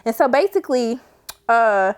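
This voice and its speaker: High-voiced young woman recapping a show. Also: normal speed, clean tone. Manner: animated, slangy, acts out quotes in a high voice. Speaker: TV episode reviewer. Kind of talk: casual episode recap.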